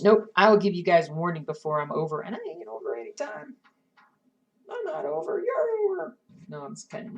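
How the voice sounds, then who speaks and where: A woman's voice: mid-range voice, gravelly, far from the mic. Chatty woman stitching, a bit off-mic. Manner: chatty, talks to herself and chat while working. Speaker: cross-stitch streamer. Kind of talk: casual live-stream chat while stitching.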